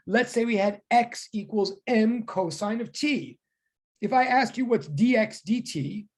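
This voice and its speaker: A woman teaching a physics class online, talking in quick self-correcting bursts. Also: a little high.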